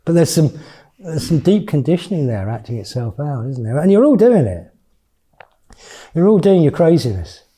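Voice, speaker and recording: Brief: male meditation teacher in his fifties, very dark, mellow tone, frank and conversational. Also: a little high, big pitch swings, normal speed, breathy edge. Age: 50s. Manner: candid and chatty, with blunt swearing. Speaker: mindfulness retreat teacher. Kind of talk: informal retreat talk.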